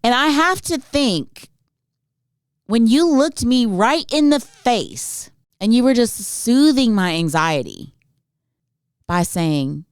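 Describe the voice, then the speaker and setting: A woman's voice: on the high side, normal speed, no room sound. Woman host, comic storyteller, exasperated ranting, dry close recording. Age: adult, not Gen Z. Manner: exasperated, animated ranting with rhetorical questions. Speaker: podcast host. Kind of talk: comedic storytelling monologue.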